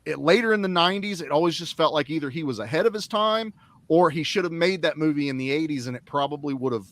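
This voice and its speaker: A man co-hosting a casual film chat, animated and acting out quotes in funny voices. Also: on the high side, quick pace, no echo. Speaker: podcast co-host.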